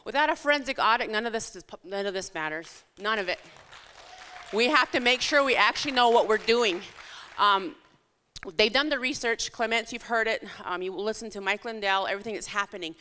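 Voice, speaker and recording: A woman's voice: medium pitch, brisk, pushed and bright, smooth. A woman giving an impassioned, urgent campaign speech at a town hall in a church hall. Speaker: political candidate. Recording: echoey hall with long reverb.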